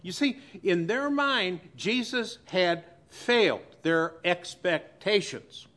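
A male pastor preaching a sermon to his church. He pauses dramatically and swings between loud and hushed delivery. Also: high-pitched, lively intonation.

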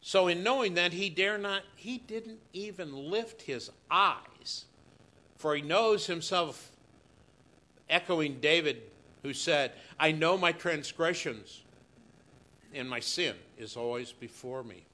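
Pastor guy preaching real slow, bright edgy voice, gets loud then goes quiet. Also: fairly high pitch. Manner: slow, emphatic preaching that swings from loud to hushed. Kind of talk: sermon. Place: church.

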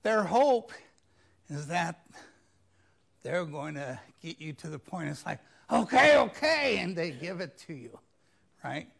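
A man's voice: a little high, measured pace, creaky, pauses often, breathy edge. A man preaching a sermon, retelling scripture in a conversational way and mimicking pleading voices. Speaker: pastor.

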